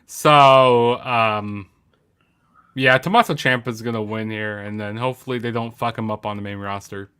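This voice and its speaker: A man's voice: on the low side, fairly even intonation, normal speed, pushed and bright, clear, resonant tone. A man co-hosting a casual podcast over an online call, chatty and joking, laughing often. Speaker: podcast co-host. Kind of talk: casual chat.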